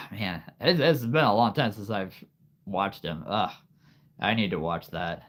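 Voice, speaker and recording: A man in his thirties chatting casually as host of a livestream, rambling and halting and laughing often. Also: on the low side, lively intonation, a bit bright. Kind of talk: casual live-stream chat.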